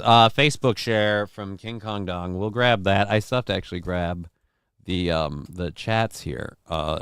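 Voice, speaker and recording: Low, smooth-voiced man rambling on a livestream. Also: no room sound, studio quality. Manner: rambling, profane, self-deprecating. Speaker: livestream show host. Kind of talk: casual livestream chat, reading viewer comments. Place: home.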